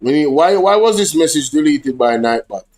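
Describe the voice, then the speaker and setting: Animated Jamaican man, higher voice. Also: moderate pace. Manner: animated, slips between English and patois, addresses chat directly. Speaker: livestream host. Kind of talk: casual livestream commentary.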